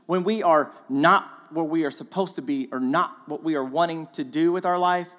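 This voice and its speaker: Male guest preacher with a fairly high voice, casual and animated, recorded with a long church-hall echo. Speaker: guest speaker. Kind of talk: sermon. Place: church auditorium.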